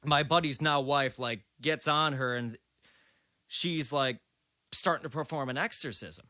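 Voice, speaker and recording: A man's voice: medium pitch, a little slow, sharp tone, no echo, clean studio sound. A man in his late twenties telling a story in a loose, rambling way, swearing freely, as a podcast guest. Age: late 20s. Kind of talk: casual storytelling.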